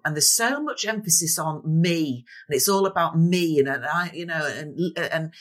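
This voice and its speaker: A woman's voice: on the low side, fairly bright tone. A middle-aged woman speaking as a guest in an interview, reflective and encouraging, often voicing thoughts as quotes. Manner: reflective, acts out inner voices in quotes. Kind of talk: interview conversation.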